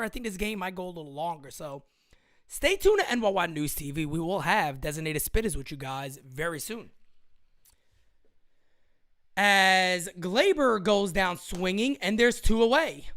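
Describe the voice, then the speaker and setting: An excitable young man with a bright, forceful voice hosts a fan livestream of a live game. He talks loud and fast, swears freely and laughs often. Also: high-pitched. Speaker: livestream host.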